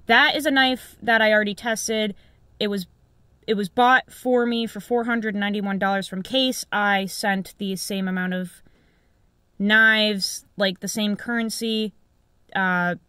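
A woman's voice: mid-range voice, fairly bright tone, clear, resonant tone, no room sound. Blunt, rambling woman vlogger, dry sound. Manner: rambling, blunt, swears casually, many "um"s. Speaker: knife reviewer and vlogger. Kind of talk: casual chat to camera.

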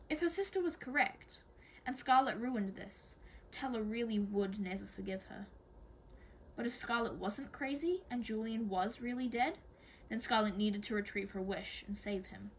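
Woman reading a book chapter aloud, steady, plain, home audiobook. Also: mid-range voice, a little hiss or hum, rough recording. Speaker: amateur audiobook reader.

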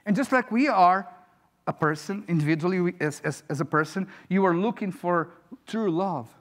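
Male pastor, high voice, earnest emphatic sermon, church stage mic. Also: moderate pace. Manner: earnest, emphatic preaching with rising questions. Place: church sanctuary.

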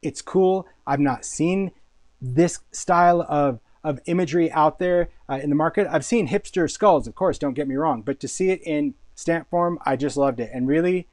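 A man's voice: on the high side, moderate pace, a little mellow, no echo. A man hosting a casual live product showcase, talking with enthusiasm, chatty and often repeating words as he thinks. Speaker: host and product designer.

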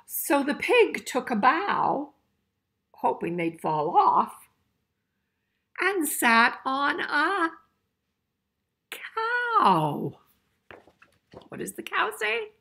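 A woman's voice: high voice, sing-song, takes it slowly, vocal fry, pauses often, pushed and bright. An older woman reading a picture book aloud to children, playful and chuckling, asking her listeners questions as she goes. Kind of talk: interactive read-aloud for children.

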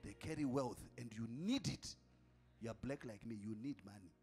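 Faint music plays behind a man with a mid-range voice speaking at normal speed as he preaches a sermon in the role of an apostle. Emphatic and at times shouting, he calls out to the congregation and repeats lines for effect.

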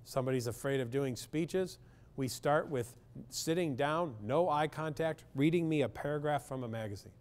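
A man's voice: a little high, darkish tone. A man, a clinical psychologist, speaking bluntly and with humor in a public talk to parents, often asking the audience questions.

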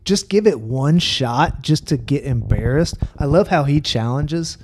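A man chatting casually on a podcast with relaxed, joking banter. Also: medium pitch, unhurried, slight background noise. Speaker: podcast guest. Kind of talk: casual chat.

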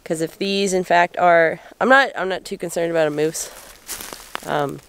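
A woman's voice: lowish voice, steady tone, moderate pace, fairly bright tone, clear, resonant tone. A woman with a groggy morning voice, chatting casually and rambling with fillers while vlogging outdoors in the woods. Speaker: bushcraft vlogger.

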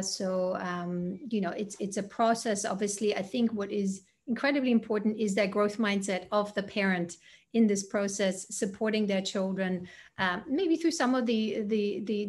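Polite woman moderating a school panel. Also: medium pitch. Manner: polite, reads out questions.

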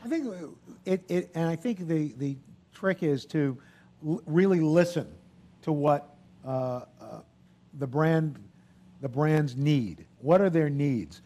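Here a man in his sixties, a guest speaker, talks slowly in a relaxed, chatty manner, his voice high for a man. Before an audience in an event hall, he performs animated anecdotes, acting out the people he quotes with a lively storyteller's flair, and then moves easily into business talk.

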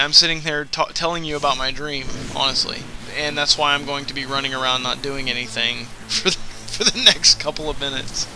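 A man's voice: fairly high pitch, pushed and bright, slight background noise. Profane rambling young man commentator. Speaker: gameplay commentator. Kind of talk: casual let's-play commentary, recorded after play.

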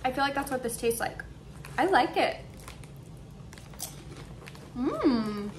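Brisk and high-voiced, a young woman vlogs at home about her shopping haul, eagerly thinking aloud as she tastes snacks. A slight hiss or hum from the running air conditioner sits in the recording.

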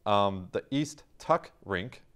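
A man co-hosting a local community TV show, reading headlines with dry, deadpan jokes and frequent fillers. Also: on the low side, slow, clear, resonant tone. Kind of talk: joking news-desk banter.

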